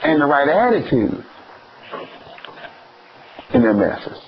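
A man delivers a sermon as pastor, his voice leaping high and dropping low as he questions the congregation. He acts out homespun scenes from family life to drive his points home. The recording is a touch dull and lo-fi. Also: animated, slow, gravelly, a crowd in the background. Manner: calls for answers from the congregation. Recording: slightly dull lo-fi church recording.

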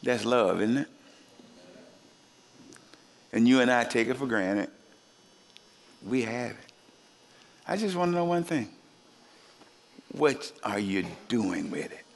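Slow and marked by vocal fry, this man's animated sermon includes long pauses, jokes with the congregation, and high-voiced impressions of the people he quotes. The sound carries a long hall reverb.

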